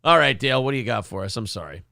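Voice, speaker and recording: A man's voice: mid-range voice, lively intonation, rapid-fire, gravelly, bright, forceful tone, no echo, clean studio sound. A man hosting a live show, chatting casually with crude jokes and rambling asides. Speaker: host. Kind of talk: casual live-stream commentary.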